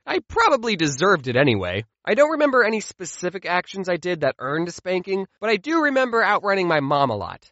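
A young man telling funny childhood stories, with a jokey manner and deadpan asides. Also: high-pitched, no room sound, dull audio. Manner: jokey, deadpan asides between acted-out quotes. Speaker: comedy storyteller. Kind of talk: animated comedic storytelling.

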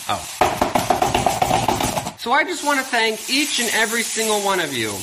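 Joking male YouTuber, lively pitch. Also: moderate pace, pauses often, noisy background. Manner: jokey, mock-sincere. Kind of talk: casual vlog.

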